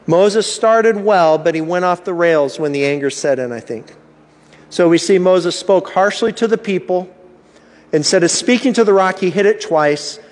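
A man's voice: sits high, in a large hall. A man preaching a sermon as pastor, asking rhetorical questions and acting out inner thoughts with animation.

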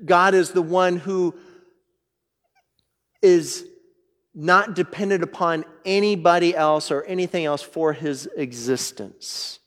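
A man delivering a sermon with a slightly high voice. He talks in a conversational way and keeps checking in with the congregation. A long reverb trails each phrase, as if he is in a big hall. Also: slow pace, long pauses, a bit bright. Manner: conversational, checks in with "right?" and "all right?"; reads scripture aloud, then explains it. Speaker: pastor.

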